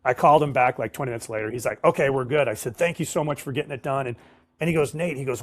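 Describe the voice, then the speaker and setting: A man's voice: mid-range voice, racing, dry recording. A middle-aged man, a sales professional guest, telling stories casually and acting out the dialogue. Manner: animated storyteller, acts out dialogue, casual slang. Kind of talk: casual storytelling interview.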